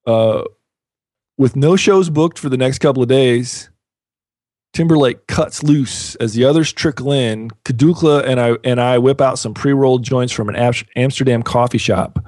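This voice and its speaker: A man co-hosts a podcast in a relaxed, rambling chat, laughing often. His voice sits in the mid range with a slightly mellow tone and a moderate pace. The recording is clean studio sound with no room ambience.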